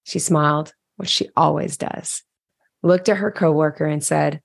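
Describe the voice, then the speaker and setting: A woman's voice: sits low, steady tone, unhurried, creaky, no echo. A woman candidly narrating a personal diary entry, reflective and storytelling. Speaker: caregiver sharing a diary entry.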